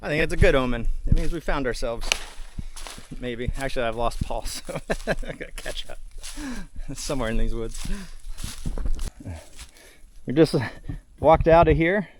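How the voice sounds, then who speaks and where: A man's voice: medium pitch, unhurried, pauses often, noisy background. A man hosting an outdoor vlog, narrating a hike through the woods in a chatty way and laughing often. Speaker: vlog host. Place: outdoors in a forest.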